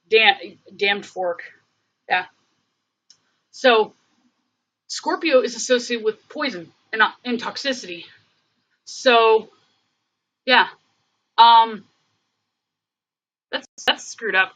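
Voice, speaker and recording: A woman chats on her livestream in a bright, forceful voice that sits a little high. She rambles and thinks aloud, full of fillers and restarts. The stream audio is dull and lo-fi. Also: drawn-out words, pauses often. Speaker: livestream host. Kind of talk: casual livestream chat.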